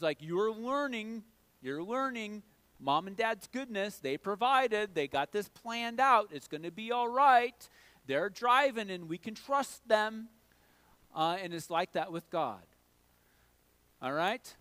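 A man's voice: high voice, fairly bright tone, no room sound. A middle-aged man preaching a sermon in a conversational way, often checking in with "all right?". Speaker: pastor.

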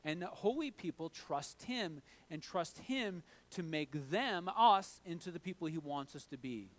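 A man's voice: on the high side, expressive, a little slow. A middle-aged man preaching a sermon in a conversational way, often checking in with "all right?". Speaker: pastor.

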